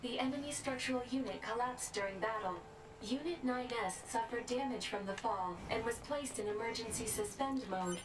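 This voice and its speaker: An actress voicing a calm machine support pod that gives formal status reports in an even tone, heard as game audio. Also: female voice, fairly high pitch, normal speed, close to an everyday voice. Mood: clinical. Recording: game audio with background noise.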